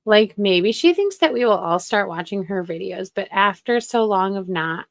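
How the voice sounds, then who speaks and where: A woman's voice: medium pitch, expressive, moderate pace, gravelly, hardly any pauses, no room sound. A woman hosting casual commentary in a sarcastic, gossipy way. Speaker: commentary channel host.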